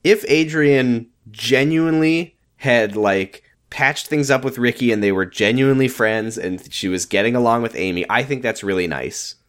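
A man's voice: mid-range voice, normal speed, hardly any pauses, fairly bright tone, clear, resonant tone. A man co-hosting a casual podcast, recapping a show from his notes with a throaty voice. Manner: reads from notes, acts out characters' lines. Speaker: podcast co-host.

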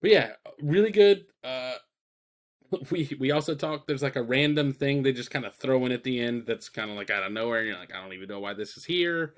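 A man's voice: mid-range voice, fairly quick. Rambling, profane male podcast co-host. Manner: rambling, profane, lots of fillers and quoted asides. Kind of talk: casual chat reviewing films.

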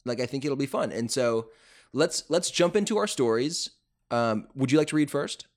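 A man's voice: medium pitch, expressive, normal speed. A man hosting a podcast in casual chat, jokey and upbeat. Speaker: podcast host.

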